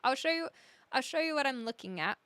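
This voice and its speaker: A young woman live streamer chatting casually with her viewers, reading their comments aloud and thinking out loud in a chatty, indecisive way. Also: sits high, expressive, a little fast, dry recording.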